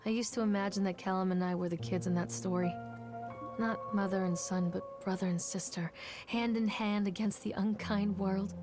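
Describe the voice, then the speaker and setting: A woman's voice: mid-range voice, steady tone, moderate pace, natural voice. A woman voicing a game character, a mother remembering her son in a wistful, reflective inner monologue. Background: game music.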